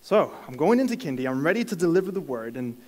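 A fairly high-voiced man tells a personal faith story to a congregation, stumbling over restarts and laughing at himself. His voice rings out with the long reverb of a large church hall. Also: very animated, quick pace, a little mellow. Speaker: church speaker sharing a testimony. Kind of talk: sermon-style personal story.

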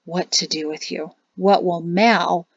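A woman reading aloud, voicing an older male high general in a storybook with a measured, formal, sly manner. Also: fairly even intonation, gravelly, husky, dry recording, exaggerated voice. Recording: dull lo-fi, dry closet sound.

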